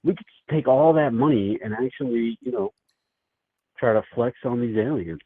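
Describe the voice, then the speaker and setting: A man's voice: mid-range voice, normal speed, breathy edge, no echo. A man calling into a show over the phone, rambling in a crude, laid-back way with lots of fillers. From United States. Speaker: caller. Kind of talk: casual phone chat. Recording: tinny phone line.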